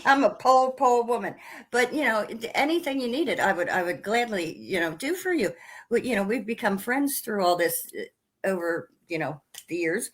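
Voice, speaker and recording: A woman hosting an interview show, gushing and animated as a reader. Her voice sits in a middling register. She chats casually and openly with her guest. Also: mid-range voice, moderate pace. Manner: effusive, animated storyteller. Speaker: podcast host.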